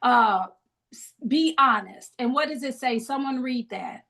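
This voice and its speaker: A woman's voice: fairly high pitch, a little slow, vocal fry, fairly bright tone. A middle-aged woman leading a grief support group on a video call, encouraging people with preacherly call-and-response. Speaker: grief ministry leader.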